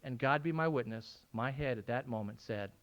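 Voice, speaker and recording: A man sharing his recovery story at a meeting, swinging from hushed, tearful moments to loud laughing outbursts. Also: mid-range voice, moderate pace, lo-fi sound. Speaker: AA speaker. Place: meeting room at a school.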